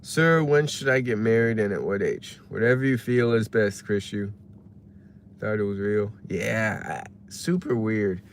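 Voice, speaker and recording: Sitting in his parked car between delivery orders, a man livestreams in a lowish voice at a measured pace. He casually muses and reads out chat messages over a faint hiss or hum.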